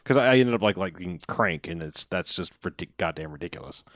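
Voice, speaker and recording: A man's voice: sits low, animated, fairly quick, fairly bright tone, no echo, studio quality. A man co-hosting a movie podcast, rambling through casual chat with lots of restarts. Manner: rambling, many restarts and hedges. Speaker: podcast co-host.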